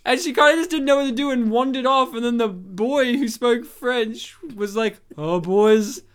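A woman's voice: a little high, normal speed. A woman co-hosting a podcast, chatting casually about a film, laughing often and telling anecdotes. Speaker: podcast co-host. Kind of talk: casual chat reviewing a film.

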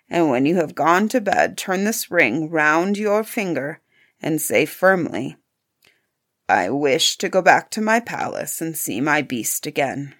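Brief: woman reading a soft-spoken, solemn male beast for a storybook, lower and quieter than her narration. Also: exaggerated voice. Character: gentle male beast, grave and kind.

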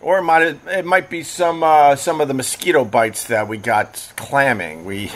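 A man's voice: medium pitch, moderate pace, slight background noise. A man hosting a casual livestream, rambling bluntly and cursing freely as he reads out comments from his chat. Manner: blunt, profane, rambling and repetitive. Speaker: livestream host reading chat.

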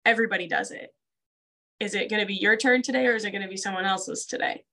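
A woman's voice: mid-range voice, fast, sharp tone, low-quality recording. A woman co-hosting a casual conversation, talking earnestly with lots of "like" fillers. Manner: earnest, filler-heavy with frequent "like". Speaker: co-host.

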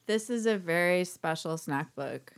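A woman's voice: on the low side, lively intonation, a little slow. A young woman co-hosting a casual podcast, playful and chatty, full of "like" and little acted-out bits. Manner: playful, uses lots of "like", acts out little scenes. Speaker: podcast co-host. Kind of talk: casual chat.

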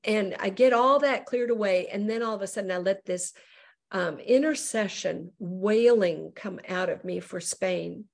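With a creaky, medium-pitched voice and a slightly slow pace, a middle-aged woman evangelist shares her testimony as a guest on a show. She tells it animatedly, imitating the voices she quotes.

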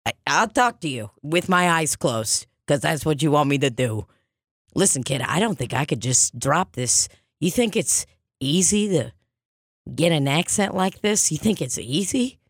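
A woman's voice: sits low, animated, measured pace, no room sound, full character voice. A woman playing a brash, bossy psychic with a put-on Long Island accent in an improvised comedy sketch, dry close recording. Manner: brassy, bossy, rambling.

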